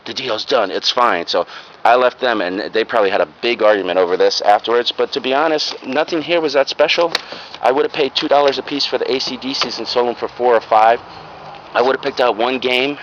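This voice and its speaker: A man's voice: medium pitch, a bit bright. Man rambling through a lo-fi haul video. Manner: rambling, frank, full of ums and uhs. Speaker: reseller vlogger. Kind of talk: casual show-and-tell haul video. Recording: lo-fi home video with clear background noise.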